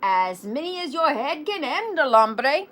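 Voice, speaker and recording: A woman performs an excitable young male Siamese kitten convinced he's a chihuahua, her voice pushed high, a little slow and heavily acted. The delivery is bouncy and sing-song with playful mock Spanish flourishes, and the mood is boastful.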